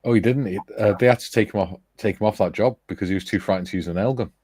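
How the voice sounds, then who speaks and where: Low-voiced man telling a story. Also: racing, darkish tone, slightly rough, dry recording. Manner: laughs often while storytelling, rambling with restarts. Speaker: host of a model-building chat. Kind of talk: casual chat telling an anecdote.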